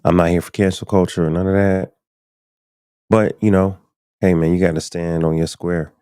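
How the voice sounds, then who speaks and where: A man's voice: sits low, flat delivery, normal speed, dark tone, clear, resonant tone, no echo, studio quality. A man hosting a live podcast stream, chatting loosely and speaking straight to his viewers. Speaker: podcast host. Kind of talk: casual live-stream commentary.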